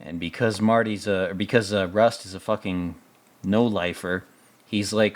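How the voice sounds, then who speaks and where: A man's voice: low voice, steady tone, normal speed. A man giving casual commentary on a TV episode, sarcastic, profane and rambling. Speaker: show commentator.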